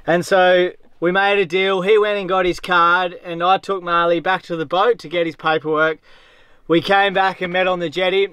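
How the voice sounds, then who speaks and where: Young man, sailing vlogger, casual storytelling, high smooth voice, dry sound. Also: moderate pace, no echo. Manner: animated, chatty, heavy use of "like".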